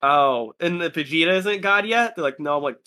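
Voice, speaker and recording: A man's voice: a little high, lively intonation, moderate pace, pushed and bright. A man chatting casually about anime in a laid-back, rambling way, acting out what friends said.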